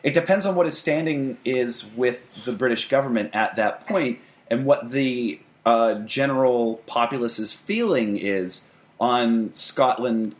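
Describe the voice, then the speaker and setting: A man's voice: mid-range voice, unhurried. A man co-hosting a podcast in casual chat, thoughtful and repeating himself as he builds a point. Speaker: podcast co-host.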